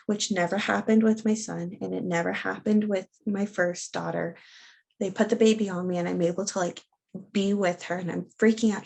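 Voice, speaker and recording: Sharing her birth story as a guest, a young woman from the United States talks in a gravelly, mid-range voice. Her telling is lively and informal, peppered with ums and likes, and she imitates the people she quotes.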